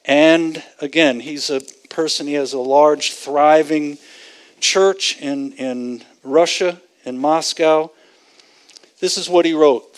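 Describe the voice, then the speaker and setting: A man's voice: fairly high pitch, low-quality recording. A man preaching a sermon, earnestly explaining scripture and stressing his points with emphasis. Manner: earnest, emphatic, retells scripture with vivid acted-out quotes. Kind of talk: sermon teaching.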